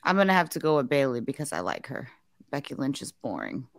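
Blunt, lively-voiced woman podcaster. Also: a bass voice, fast talker, no echo, studio quality. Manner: blunt, opinionated, profane. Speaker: podcast co-host. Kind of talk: casual chat.

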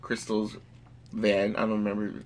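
A man's voice: lowish voice, completely flat delivery, normal speed, a little mellow, a little hiss or hum. A man rambling through a story in casual chat, swearing freely.

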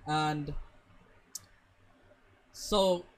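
A young man in casual chat, telling an animated story full of swearing. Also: a little high, drawn-out words, rough recording.

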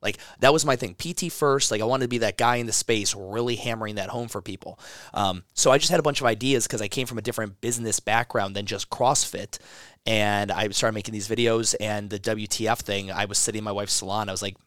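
This is a man in an interview, casually recounting how he built a gym consulting business. His voice sits on the low side. He rambles, swears, and keeps restarting his sentences, and the recording is dry with no room sound. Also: fairly quick, fairly bright tone, dry recording. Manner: rambling, profane, frequent restarts.

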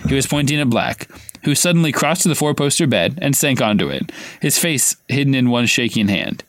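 A man's voice: medium pitch, lively intonation, a little fast. A man co-hosting a podcast, reading a book aloud casually with playful asides. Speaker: podcast co-host. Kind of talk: casual read-aloud with commentary.

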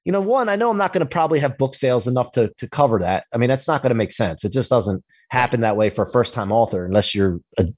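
A man with a slightly husky voice tells a personal business story in a loose, casual interview. He is animated, acts out the dialogue, and swears now and then. The sound is close and dry, with no room around it. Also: mid-range voice, quick pace, hardly any pauses, no echo. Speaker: podcast guest, entrepreneur.

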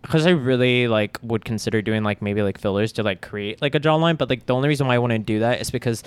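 A man co-hosting a casual podcast chat, gossipy and playful, often trailing off into low mumbles. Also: fast talker, clean tone, no echo. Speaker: podcast co-host.

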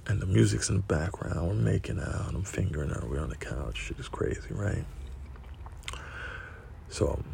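A man's voice: sits low, expressive, moderate pace, vocal fry, pauses often, warm tone, slight background noise. A man telling a casual, profanity-heavy anecdote, often tagging lines with "right?" and laughing between them. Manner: profane, keeps asking "right?".

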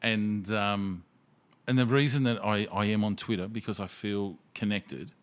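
A man with a fairly low voice talks casually and swears freely. He tells stories with energy and acts out other people's lines as he goes. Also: a little slow. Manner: sweary, animated storyteller who acts out quotes. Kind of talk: casual chat.

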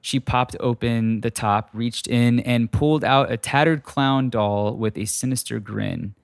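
A man reading a comic ghost story aloud in a wry, deadpan way. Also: medium pitch, unhurried, creaky, no echo, clean studio sound. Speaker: narrator. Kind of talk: storytelling narration.

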